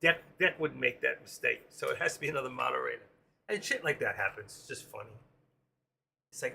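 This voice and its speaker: A man's voice: mid-range voice, expressive, a little fast, vocal fry, bright, forceful tone, a little hiss or hum. A man hosting a casual live stream, rambling and joking as he talks to his viewers by name. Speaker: live stream host and room moderator.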